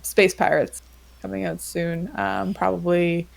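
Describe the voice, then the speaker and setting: A woman's voice: fairly low pitch, expressive, a little slow, vocal fry. A woman hosting a casual podcast chat, rambling with lots of fillers and frequent laughter. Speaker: podcast host.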